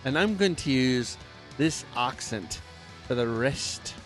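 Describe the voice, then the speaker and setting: A man's voice: medium pitch, expressive, takes it slowly, a bit bright, faint music behind. Dry-joking podcast co-host, man. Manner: dry, joking, trails off with "just saying". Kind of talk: casual chat.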